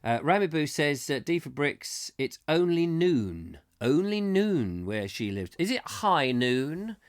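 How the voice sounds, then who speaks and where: A middle-aged English man with a cold hosts a live comic chat show, reading out viewers' messages and drifting off into silly tangents. His voice sits a little high and swings widely up and down as he jokes. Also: big pitch swings, takes it slowly. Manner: playful, rambling, slips into silly put-on accents. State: has a cold, coughing.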